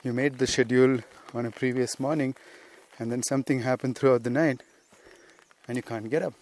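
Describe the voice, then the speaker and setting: A man's voice: mid-range voice, steady tone, fairly quick, darkish tone, a little hiss or hum. A man recording an unscripted podcast lesson outdoors on a hillside, talking in a rambling, conversational way. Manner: conversational, rambling, with frequent "you see". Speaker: spiritual teacher and podcast host.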